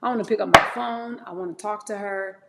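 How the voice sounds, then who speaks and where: Gravelly-voiced woman in her forties, chatting. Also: mid-range voice, fairly even intonation, brisk, heavy background noise. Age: 40s. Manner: chatty and candid, often calls viewers "y'all". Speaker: livestream host. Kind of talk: casual livestream chat while preparing fruit.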